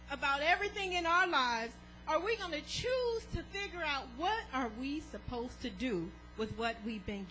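Full of animation, a woman gives a sermon, often breaking into laughter and leading the congregation in call and response. The recording is poor, and her pitch sits high.

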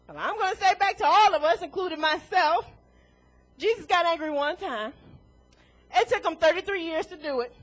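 A woman's voice: very high-pitched, normal speed. A woman preaching a sermon to a congregation in a church, emphatic and full of rhetorical questions, chuckling between points.

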